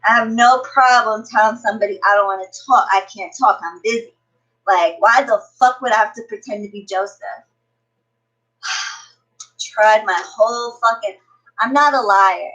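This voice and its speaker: A woman's voice: medium pitch, moderate pace, a bit bright, poor audio. A woman tarot reader chatting casually on a livestream, brash and profane, greeting viewers by name.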